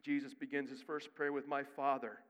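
A male pastor preaching a sermon. He moves from quick, quiet asides to loud, rising emphasis. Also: medium pitch, little pitch movement. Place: church sanctuary. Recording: long reverb of a church hall.

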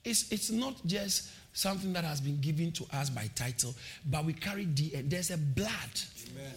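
A man preaching a sermon, shouting calls to the congregation and repeating phrases with a sing-song emphasis. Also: a little high, animated, moderate pace. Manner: repeats phrases, laughs between points.

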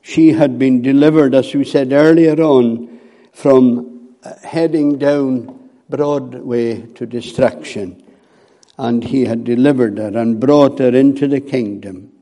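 Slow, dark-voiced male preacher. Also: medium pitch, fairly even intonation. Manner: slow and deliberate, with hesitant fillers. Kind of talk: sermon.

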